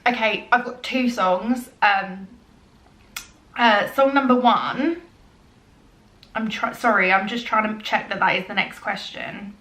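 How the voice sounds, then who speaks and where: A woman's voice: medium pitch, takes it slowly, long pauses. Chatty young woman vlogger, roomy echo. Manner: chatty, earnest, frequent ums, turns soft and emotional. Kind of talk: casual get-to-know-me Q&A.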